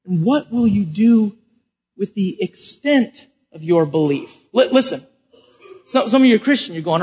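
A man preaching a sermon to a live congregation, swinging from loud emphatic questions to quiet explanation. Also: high-pitched, expressive, normal speed, slightly rough. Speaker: pastor.

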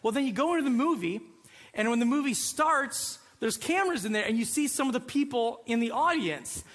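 High, bright-voiced storytelling pastor. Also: male voice, brisk. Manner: animated storytelling, acts out voices. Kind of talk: sermon.

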